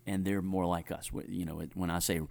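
A man from North Carolina with a softened Southern accent, a pastor chatting thoughtfully and often restarting his sentences. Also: low-pitched, level tone, fairly quick, creaky. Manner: thoughtful, restarts often, chuckles while telling stories. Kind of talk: conversational podcast chat.

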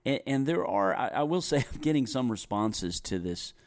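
A man from North Carolina with a softened Southern accent, a pastor chatting thoughtfully and often restarting his sentences. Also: medium pitch, sing-song, normal speed. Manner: thoughtful, restarts often, chuckles while telling stories. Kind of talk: conversational podcast chat.

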